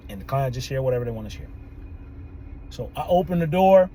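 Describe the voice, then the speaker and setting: A man, a therapist and podcast host, telling a story in an animated way, often laughing and quoting people. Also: high voice, brisk, slight background noise, poor audio. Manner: animated, laughs often, quotes people in their own voices. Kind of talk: storytelling monologue.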